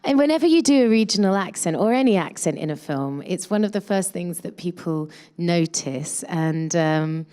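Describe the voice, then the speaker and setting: Chatty woman with a low voice. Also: warm tone. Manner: chatty, many restarts and fillers. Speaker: actress interviewed about her film. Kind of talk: casual press interview.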